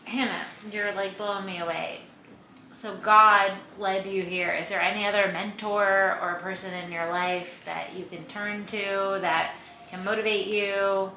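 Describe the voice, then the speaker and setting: A woman's voice: medium pitch, steady tone, a little slow, sharp tone. A woman hosting a podcast, chatting casually and encouraging her guest with enthusiasm. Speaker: podcast host. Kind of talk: casual interview chat. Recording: echoey room with faint noise.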